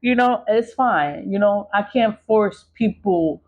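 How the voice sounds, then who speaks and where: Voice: medium pitch, slow, narrow, tinny audio. A content creator in a casual vlog monologue, talking bluntly and emphatically, with frequent swearing.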